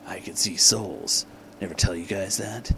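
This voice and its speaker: A man doing a gruff, brooding hedgehog antihero. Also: low-pitched, steady tone, unhurried, pushed and bright, slight background noise, pitched below the performer's own voice, exaggerated voice. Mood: hushed.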